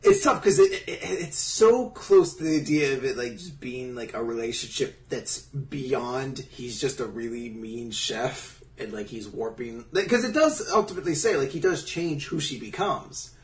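A man's voice: mid-range voice, expressive, moderate pace, few pauses, distant mic. A man co-hosting a casual podcast, joking and rambling with many likes and restarts. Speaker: podcast co-host.

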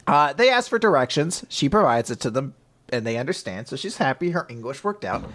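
Animated man with a lively voice. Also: brisk. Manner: lively, acts out characters in squeaky high voices, laughs often. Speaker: podcast co-host recapping a manga chapter. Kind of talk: casual chat, animated retelling.

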